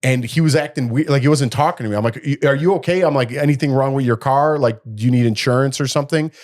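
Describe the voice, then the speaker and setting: A middle-aged man rambles through a story on a casual podcast, his voice at an ordinary middle pitch. He leaps higher and louder whenever he acts out what someone said, then drops back to an easy conversational tone. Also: fast. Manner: animated, acts out quotes in a raised voice. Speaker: podcast co-host.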